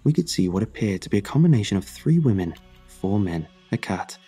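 A man narrating a scripted horror story in a measured, dramatic way. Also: on the low side, very animated, warm tone, husky, soft background music.

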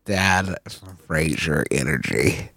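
A man joking in a halting, deadpan way while chatting with fellow players. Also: rumbling low, vocal fry, no room sound, studio quality. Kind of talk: casual banter.

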